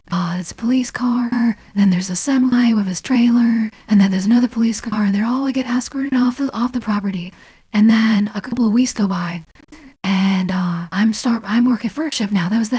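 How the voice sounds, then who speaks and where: A woman with a somewhat high, mellow and very breathy voice tells a long story in casual stream chat. She rambles, with lots of fillers and restarts, and swears freely. The sound is dry and close, with no room around it. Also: no room sound.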